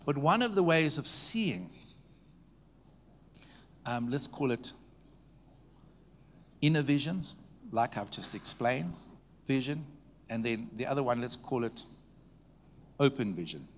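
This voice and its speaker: A man preaching to a congregation, telling stories in a conversational way, checking in with the listeners and dropping to a hushed tone at tender moments. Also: mid-range voice, lively intonation, slow, long pauses. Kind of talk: storytelling sermon. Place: church meeting before a live audience.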